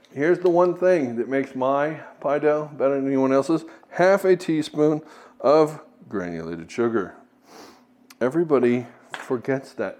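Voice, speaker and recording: A man's voice: a little high, a little mellow. A man hosting a casual cooking tutorial in a home kitchen, chatty and joking as he goes. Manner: jokey, chatty, self-deprecating asides. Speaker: cooking video host.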